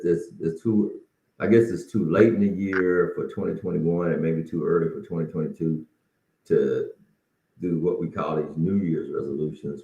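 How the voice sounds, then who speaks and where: Speaking in an extremely low, mellow voice, this middle-aged podcast host talks on his own in a relaxed, folksy way, offering encouragement while a little short of breath and frequently starting over. The sound is dull, lo-fi and roomy.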